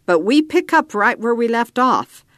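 A woman's voice: on the high side, very animated, measured pace, fairly bright tone, no echo, studio quality, voice pushed up. A woman voicing Red, a bossy cowboy leader. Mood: gruff. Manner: ordering, blunt.

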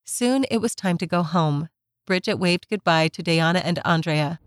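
A woman narrating a children's story in a gentle, measured scripted reading. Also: fairly low pitch.

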